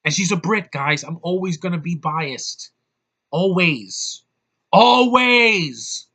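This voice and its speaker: A man's voice: fairly high pitch, normal speed, pushed and bright, husky. A man giving an exasperated, profane movie review rant, with heavy emphasis. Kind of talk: ranting movie review vlog.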